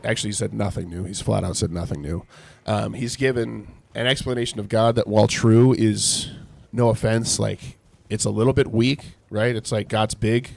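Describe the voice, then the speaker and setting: A man with a rough, raspy, gravelly voice leads a casual Bible study on his livestream. He reads scripture aloud, then mocks it in sarcastic paraphrase. He keeps breaking off to react to his game and thank viewers in chat. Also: on the low side, darkish tone.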